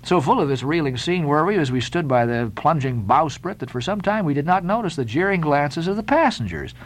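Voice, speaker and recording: A man reading a classic novel aloud as an audiobook narrator, dramatic and expressive. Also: a little high, brisk, rough recording.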